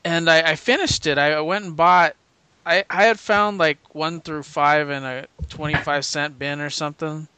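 Man, casual podcast chat, enthusiastic, bright crisp voice, dry close sound. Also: a little high, steady tone, normal speed, dry recording. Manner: enthusiastic, laughs often, restarts sentences. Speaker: podcast co-host.

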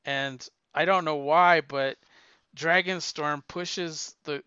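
A man's voice: a little high, fairly even intonation, takes it slowly, sharp tone, smooth, dry recording, lo-fi sound. A man casually chatting as a podcast co-host, rambling and stumbling over restarts and fillers. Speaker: podcast co-host reviewing comics. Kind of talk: casual chat.

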